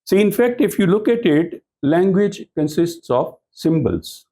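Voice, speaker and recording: A man delivers a training lecture to a room of professionals. His voice is gravelly and husky, with a darker, mellow tone. He explains patiently and keeps turning to the listeners with rhetorical questions. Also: high-pitched, expressive, a little slow, low-quality recording. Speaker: speaker at a corporate training talk.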